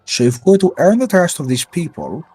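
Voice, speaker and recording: A man voicing a calculating male interrogator who briefs his team in a measured, persuasive way. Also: on the high side, big pitch swings, darkish tone, husky, pitched above the performer's own voice. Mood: briefing.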